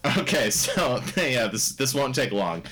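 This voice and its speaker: A man's voice: medium pitch, expressive, moderate pace, fairly bright tone, faint music behind. A young man co-hosting a casual movie chat, rambling with restarts and laughing often. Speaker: podcast co-host reviewing a movie.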